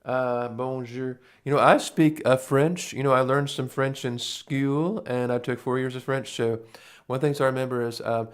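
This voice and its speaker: A man's voice: medium pitch, steady tone, a little slow, clear, resonant tone. A man, hosting a live stream and chatting casually with viewers in a rambling, folksy way with chuckling asides. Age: 40s.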